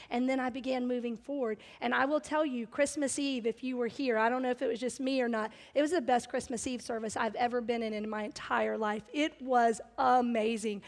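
A woman's voice: high-pitched, creaky, in a large hall. A middle-aged woman pastor preaching a sermon in a church, telling personal stories earnestly, with emphasis that builds.

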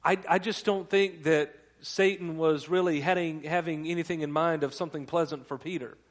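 A man's voice: on the high side, steady tone, moderate pace. A male pastor delivering a conversational sermon, stumbling over restarts and asking the congregation questions. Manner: conversational preaching with repeated restarts.

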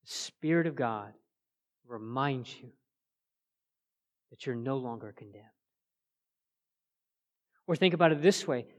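A man preaching a sermon as pastor, earnest, rising to emphatic peaks and then dropping soft. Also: fairly high pitch. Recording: long church reverb.

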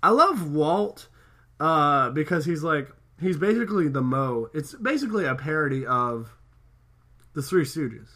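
A man's voice: fairly high pitch, lively intonation, unhurried, bright, forceful tone. A man chatting casually and enthusiastically, rambling with lots of filler words as he recaps a cartoon episode. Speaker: podcast co-host.

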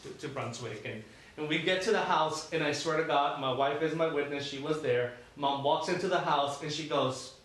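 Pastor, male, easygoing conversational sermon voice, slightly high, mic set back in a booming, reverberant sanctuary. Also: moderate pace. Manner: relaxed, conversational storytelling. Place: church sanctuary. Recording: very echoey room from a distance.

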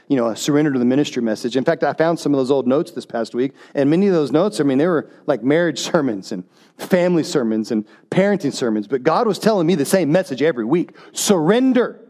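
Male pastor, middle-aged, higher-pitched, lively sermon delivery. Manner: animated storytelling, voicing characters' lines.

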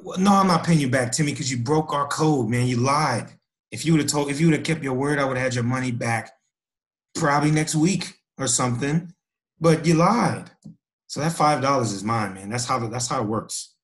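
Scheming male teacher, evasive and smooth, in an improvised skit played by a man. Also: mid-range voice, normal speed, natural voice.

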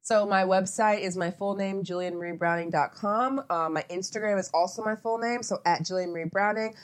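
A woman's voice: mid-range voice, brisk. A young adult woman, a photographer as interview guest, chatting casually and meandering with lots of asides.

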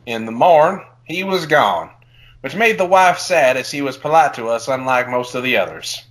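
A man's voice: a little high, big pitch swings, normal speed, bright, forceful tone, rough recording. A man voicing a rustic male farmer reading his own diary in a thick folksy dialect with broken grammar. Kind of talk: comedic dramatic reading.

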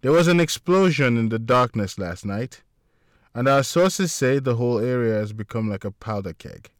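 A man voicing a calm, composed female police superintendent who speaks in a measured way. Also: medium pitch, dry recording, clean studio sound, close to an everyday voice.

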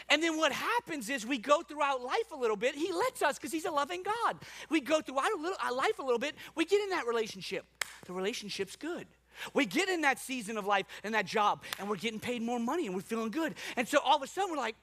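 A man preaching a sermon with a high, bright voice. He tells his story in an animated, self-mocking way, full of repeated asides, before turning to an earnest message. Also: fast talker. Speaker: pastor.

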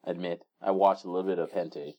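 A young man co-hosting a casual podcast chat, telling stories in an animated way and acting out voices. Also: low-pitched, quick pace. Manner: animated storyteller, acts out screams and voices. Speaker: podcast co-host.

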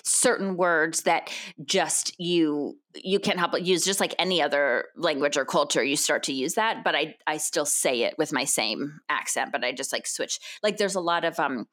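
An American woman with a fairly low voice talks as a guest in a casual interview. She chats loosely and restarts her sentences often. Her delivery sounds relaxed and unscripted. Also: moderate pace. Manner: chatty, many restarts and laughs. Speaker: actress guest.

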